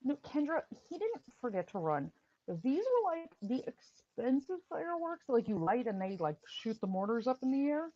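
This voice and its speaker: A middle-aged woman, a former paramedic and firearms instructor, hosting a casual live stream, telling stories with animated repetition and answering chat. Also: high-pitched, normal speed, no room sound, dull audio. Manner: animated storytelling, repeats phrases, answers chat.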